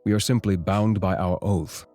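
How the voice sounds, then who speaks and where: An actor playing an aloof, haughty Grim Reaper with a formal, dry, sardonic way of talking in a video game. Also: male voice, sits low, steady tone, moderate pace, darkish tone, soft background music, lightly acted.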